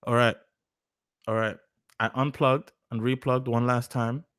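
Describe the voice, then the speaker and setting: A man's voice: mid-range voice, fairly even intonation, measured pace, a bit bright, clean tone, no echo, clean studio sound. A young man in his twenties hosting a live stream, talking in a rambling, profane, self-mocking way on a cheap mic. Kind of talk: casual live stream chat. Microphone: cheap mic said to sound bad.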